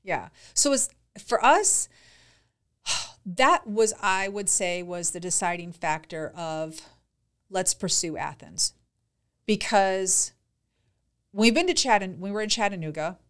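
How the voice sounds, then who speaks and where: A woman's voice: medium pitch, animated, takes it slowly, long pauses, clear, resonant tone. A woman co-hosting a podcast, chatting casually and retelling conversations with lots of "like" and quoted dialogue. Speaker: podcast co-host. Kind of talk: casual chat, storytelling.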